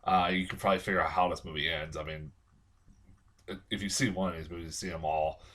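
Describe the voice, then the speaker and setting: A man's voice: low voice, steady tone, fast, fairly bright tone. A man giving a casual, rambling movie review, swearing often and sounding exasperated, with plenty of fillers. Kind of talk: casual spoken film review.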